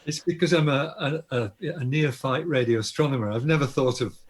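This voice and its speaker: Husky Australian man explaining astronomy. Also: mid-range voice, fairly quick. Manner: enthusiastic, explanatory, with frequent restarts. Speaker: astronomer guest. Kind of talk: interview conversation.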